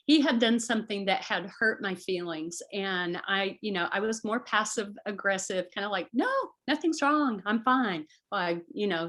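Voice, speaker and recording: An earnest middle-aged woman talking through advice in a warm, easy conversational tone. She speaks at a middle pitch and sometimes acts out the voices of others. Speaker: guest.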